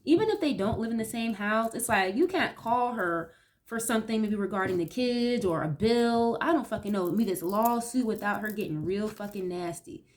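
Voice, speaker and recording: A young woman with a medium-pitched, expressive voice gives a casual tarot reading at a moderate pace. She reacts out loud to every card with blunt commentary and swears freely. There's slight background noise.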